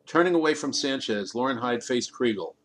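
Man narrating an audiobook, measured pace. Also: mid-range voice, animated, a bit bright. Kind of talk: scripted narration.

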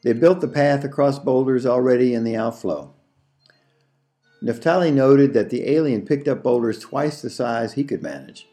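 A man narrating an audiobook story in a slow, measured reading. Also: mid-range voice, expressive, warm tone, faint music behind.

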